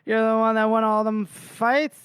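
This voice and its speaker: Man putting on a drunk street brawler, brash, taunting, higher voice, clear. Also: level tone, normal speed, a bit bright, dry recording. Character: drunk young man picking a street fight.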